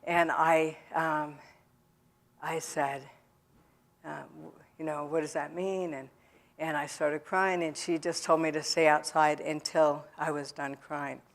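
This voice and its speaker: A woman speaking in a church, telling her own story to the audience in a halting way, with many pauses and fillers. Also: deep voice, level tone. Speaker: guest speaker at a recovery event. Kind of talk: personal testimony to a church audience. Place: church sanctuary.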